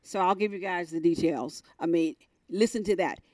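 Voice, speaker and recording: A middle-aged woman speaks as a podcast guest, candid and emphatic, her voice surging upward when she relives a story. Her voice sits low for a woman. The sound is dry and close. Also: normal speed, no room sound. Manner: emphatic, animated, voice climbs high when retelling. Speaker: sports team executive, podcast guest.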